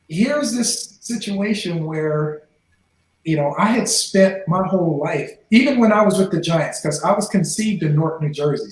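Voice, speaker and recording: Speaking as a podcast guest, a former NFL player in his forties walks through his life story and acts out the voices of those he quotes. His voice is a little high, and the room has an echo.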